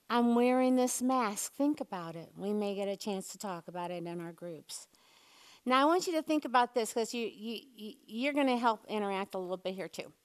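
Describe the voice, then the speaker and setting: Playful woman preaching, slightly high voice. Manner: playful, chatty, uses props and leads the room. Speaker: church speaker. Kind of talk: lively sermon with audience call-and-response.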